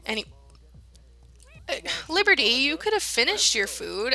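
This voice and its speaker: A young woman talks her way through a life-sim game, chatting to her characters and giggling often. Her voice is bright and sits a little high, and she keeps a loose, casual commentary going the whole time. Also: big pitch swings, takes it slowly, gravelly, faint music behind. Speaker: let's play gamer.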